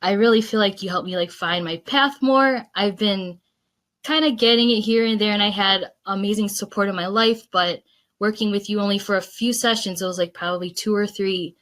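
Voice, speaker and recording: A woman's voice: medium pitch, moderate pace, fairly bright tone. Chatty, enthusiastic woman host. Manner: chatty and enthusiastic, laughs often. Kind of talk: casual chat. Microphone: video call.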